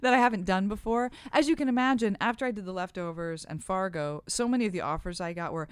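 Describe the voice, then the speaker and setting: A middle-aged actress, a guest in a podcast interview, telling animated, self-deprecating stories from the stage. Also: female voice, mid-range voice, fast, few pauses, clean tone, dry recording. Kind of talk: conversational interview.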